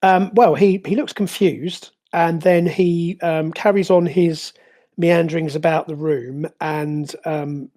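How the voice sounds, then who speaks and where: A game master narrating a tabletop game, pausing often with fillers and restarts. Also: medium pitch, steady tone, dark tone. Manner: hesitant, many fillers and restarts.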